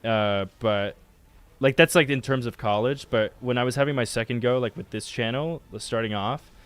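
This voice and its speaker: A man's voice: medium pitch, normal speed, clean tone, no echo. A young adult man telling stories in casual chat, joking and crude, loose and rambling. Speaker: video editor and co-host.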